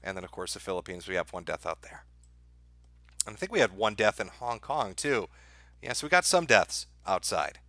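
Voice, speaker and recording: A man's voice: fairly low pitch, expressive, moderate pace, sharp tone, no echo, clean studio sound. A man hosting a live stream, talking to his chat in a sarcastic, crude and profane way.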